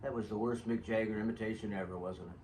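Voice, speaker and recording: A man's voice: lowish voice, steady tone, fast talker, a little mellow. An older man telling chatty, jokey stories about old ticket stubs, drifting off topic as he goes. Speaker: vlogger sharing saved ticket stubs. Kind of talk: rambling personal storytelling. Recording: distant mic with faint background noise.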